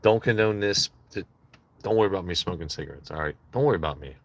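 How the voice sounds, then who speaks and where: Low-voiced man rambling to his stream chat. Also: fast talker, dull audio. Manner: loose, joking, rambling asides to chat. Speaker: livestream host. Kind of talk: casual livestream chat.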